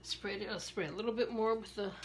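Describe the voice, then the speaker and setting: A woman's voice: mid-range voice, fairly even intonation, fast, a little hiss or hum. A woman with a Maryland accent chatting casually and rambling, laughing often as she styles her hair. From Maryland, USA. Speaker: beauty vlogger. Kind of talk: casual chat while styling hair.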